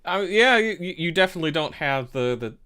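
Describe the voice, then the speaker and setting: A man's voice: on the high side, animated, brisk, sharp tone, smooth. A man from the US, a podcast host, chatting casually, laughing often and rambling a bit. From United States. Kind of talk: casual chat.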